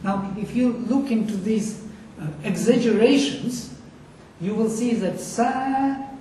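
This teacher's voice is male, high, mellow, and slow, with slight background noise around it. Lecturing on Sanskrit accent, he explains concepts, quizzes the class, and slowly chants Sanskrit words, all captured from a distant mic in an echoey space.

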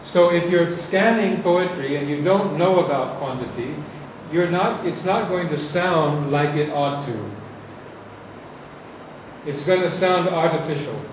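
A man teaches a class on reading verse aloud, his voice sitting a little high. He speaks slowly and deliberately, leaning hard on the stressed words. The recording is distant and very echoey, with faint noise behind. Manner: slow, deliberate, recites lines with heavy emphasis. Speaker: poetry teacher. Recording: echoey room from far off.

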